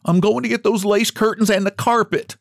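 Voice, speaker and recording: A man voicing a frantic, stubborn countrywoman who raises a fire alarm in shrill, urgent country speech. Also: steady tone, fairly quick, gravelly, no echo, studio quality.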